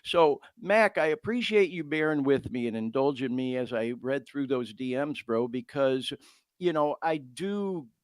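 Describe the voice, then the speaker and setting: A man's voice: medium pitch, animated, unhurried, no echo. Emotional, earnest male podcast host. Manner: earnest, emotional, reads messages aloud. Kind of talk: heartfelt podcast talk.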